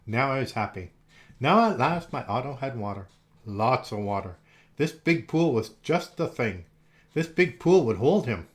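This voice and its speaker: Male storyteller, children's book, gentle and expressive, animated pitch. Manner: gentle, expressive, slowed for effect.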